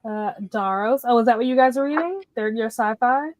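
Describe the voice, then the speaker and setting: A woman's voice: a little high, brisk, slight background noise. A woman in her thirties hosting a casual livestream, greeting viewers by name as she chats about books. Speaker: livestream host.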